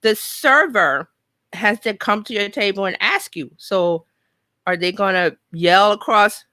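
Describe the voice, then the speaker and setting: A woman's voice: medium pitch, animated, unhurried, sharp tone, no room sound. A woman from New York hosting a casual live show, chatting and reading out viewer comments. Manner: chatty, thinks aloud, reads viewer comments. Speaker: host.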